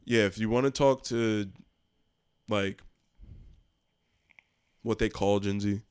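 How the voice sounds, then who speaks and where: A male comedian as a podcast guest, trading quick jokes in casual chat. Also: lowish voice, steady tone, clean tone. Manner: quick jokes, lots of "yeah" and laughter.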